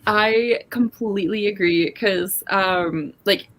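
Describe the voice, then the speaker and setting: A young Canadian woman with a Canadian accent co-hosts a casual chat, her mid-range voice slow and fairly bright. She's chatty and packs her speech with fillers and "likes."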